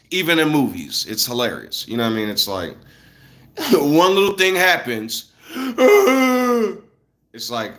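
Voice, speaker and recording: A man's voice: mid-range voice, sharp tone. A man in his thirties from the United States, ranting casually to viewers in a loose, slangy, blunt way. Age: 30s.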